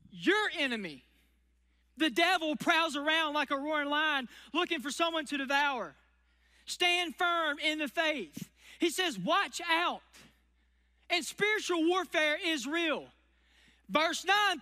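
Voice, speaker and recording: A man's voice: extremely high pitch, bright, forceful tone, big-room sound. A man preaching a sermon, folksy and emphatic, stretching key words for effect. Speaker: pastor.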